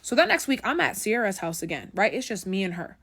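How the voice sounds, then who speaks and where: A woman's voice: mid-range voice, very animated, fairly quick, gravelly, fairly bright tone, husky. A young woman telling a story in a casual, chatty way, often checking in with the listener. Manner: chatty, keeps asking "right?".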